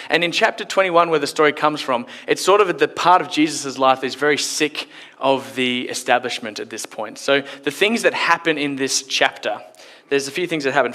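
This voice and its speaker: A man's voice: medium pitch, bright, forceful tone. A man preaching a sermon in church, in a conversational, playful storytelling way. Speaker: pastor.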